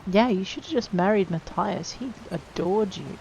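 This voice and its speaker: A woman's voice: medium pitch, normal speed, vocal fry, darkish tone, highs cut off, slight background noise. A woman casually commenting on her video game playthrough, chatting to the characters and joking at herself. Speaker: gamer playing through a game.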